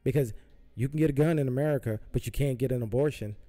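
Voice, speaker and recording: A man's voice: medium pitch, quick pace, mellow, soft background music. A man hosting a podcast, ranting heatedly about politics with lots of profanity and repetition. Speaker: podcast host. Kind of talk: political rant. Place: Southern California.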